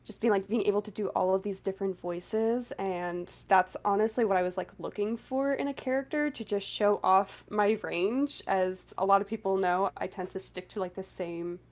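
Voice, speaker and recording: A woman's voice: medium pitch, normal speed, few pauses. A woman voice actor in a casual panel interview, chatty and giggly, with lots of fillers, talking over a remote call.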